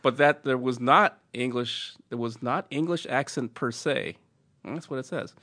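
A man's voice: medium pitch, unhurried, pushed and bright. Man reading a listener letter, laughing. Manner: laughs while reading, stumbles over words. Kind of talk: casual chat, reading a letter aloud.

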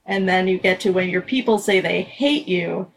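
Woman chatting quickly about a musical. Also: fairly low pitch, creaky, rough recording. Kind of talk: casual podcast discussion.

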